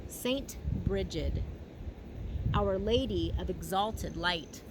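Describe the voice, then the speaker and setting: A woman giving an intuitive tarot reading outdoors, talking slowly and dreamily and humming between thoughts. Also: on the low side, noisy background. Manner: slow, dreamy and emotional, humming often. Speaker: tarot reader. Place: field outdoors in the mountains.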